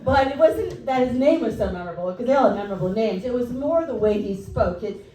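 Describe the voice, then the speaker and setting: A woman doing a stand-up comedy set in a comedy club, telling stories with quick asides. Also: a little high, slight background noise. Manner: lively storytelling with quick asides. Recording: echoey club from a distance.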